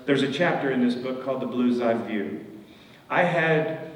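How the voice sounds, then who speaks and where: A man's voice: mid-range voice, normal speed. Older man telling stories, echoey distant hall. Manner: folksy anecdotal, acts out dialogue. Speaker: guest speaker. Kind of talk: storytelling seminar talk.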